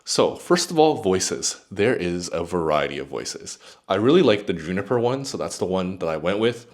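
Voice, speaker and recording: This is a man with a very low voice hosting a casual tech review. His talk is chatty and lively, rising and falling a lot as he talks straight to an AI assistant. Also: normal speed. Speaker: tech YouTuber.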